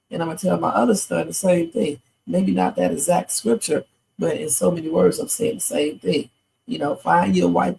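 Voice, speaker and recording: A tired, sleepy woman hosts a live reaction stream, chatting and rambling with preachy asides. Her voice sits on the low side, husky and a little mellow with vocal fry, and the recording quality is low.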